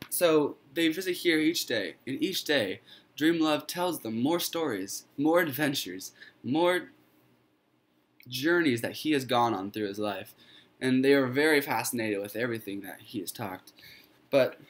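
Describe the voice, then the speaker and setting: A man's voice: mid-range voice, expressive, unhurried. Young man telling a made-up fairy tale. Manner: loose and informal, with fillers and restarts. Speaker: student storyteller.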